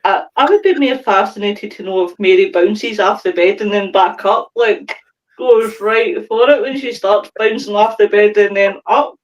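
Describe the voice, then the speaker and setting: A woman's voice: medium pitch, moderate pace, lo-fi sound, slight background noise. A woman co-hosting a podcast in casual chat, talkative, laughing often and swearing casually. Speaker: podcast co-host.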